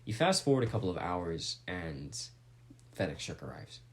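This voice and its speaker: A man's voice: sits low, normal speed, a little hiss or hum. A young man casually retelling a story on a podcast, rambling and swearing freely. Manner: rambling, profane, animated retelling. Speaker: podcast co-host telling a story.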